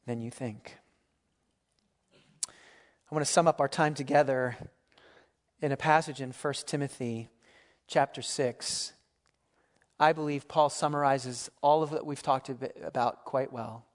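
A man preaching a sermon as pastor in a church, earnest and emphatic, rising and falling in force as he exhorts the congregation. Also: on the high side.

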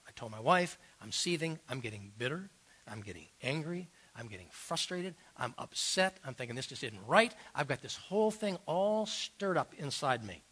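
Bright-voiced pastor preaching with animated stories. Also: male voice, medium pitch, normal speed, breathy edge. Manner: animated storytelling, swings from loud emphasis to quiet asides. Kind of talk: sermon with personal stories.

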